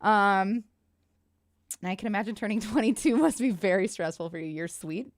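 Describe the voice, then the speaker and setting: A woman's voice: medium pitch, moderate pace, dry recording, clean studio sound. A woman in her late thirties chatting casually with viewers while she crochets at home, out of breath, rambling and self-deprecating, laughing often. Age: late 30s. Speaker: streamer.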